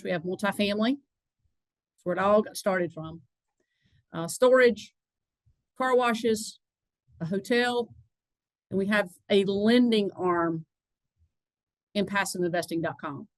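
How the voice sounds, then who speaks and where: A woman's voice: medium pitch, dry recording, poor audio. Southern woman hosting a webinar. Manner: chatty, many fillers and restarts. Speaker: webinar host, lending partner. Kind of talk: casual presentation.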